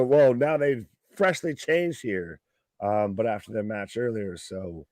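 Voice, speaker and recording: A man co-hosting a live wrestling reaction stream, excitable and profane, his voice going hoarse. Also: on the low side, unhurried, no echo, studio quality. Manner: excitable, profane, calls the action. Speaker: wrestling co-host.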